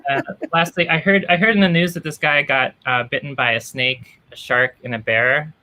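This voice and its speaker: A woman's voice: low-pitched, steady tone, moderate pace, sharp tone. A woman performing a stand-up set over a video call, dry and self-deprecating, acting out quoted lines. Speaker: stand-up comedian.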